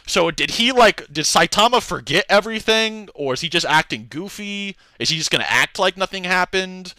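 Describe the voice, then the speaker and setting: A young man talks in a loose, rambling way on a live stream, piling on filler words and slang. His voice is bright and forward. The sound is dry and close, with almost no room around it. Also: sits high, animated, normal speed, no room sound. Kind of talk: casual livestream rant.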